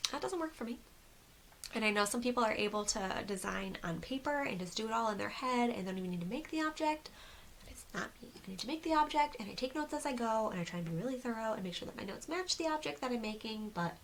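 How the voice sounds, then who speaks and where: A woman's voice: on the high side, vocal fry, a bit bright, slight background noise, low-quality recording. A woman hosting a casual crochet video podcast, chatty and rambling, with frequent ums, seated at home on camera. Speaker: crochet designer and podcast host.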